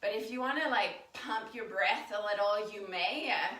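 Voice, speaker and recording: A woman's voice: medium pitch, normal speed, bright, forceful tone. A woman leading a live yoga class in a chatty, casual way, stuffed up from allergies. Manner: casual, chatty, laughs often. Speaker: yoga teacher. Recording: roomy, from a distance.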